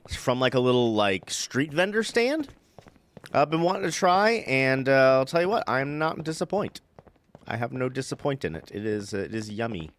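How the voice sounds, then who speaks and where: A man's voice: medium pitch, a bit bright, clear, resonant tone. A young man rambling through casual stories while streaming a game, laughing often, with many fillers. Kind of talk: casual let's-play chat.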